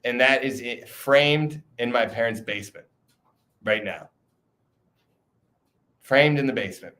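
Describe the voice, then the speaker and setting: Young male streamer, casual rambling live chat, swears freely, mid-pitched. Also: a little slow, pauses often, bright, forceful tone. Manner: loose, profane, rambling with frequent restarts.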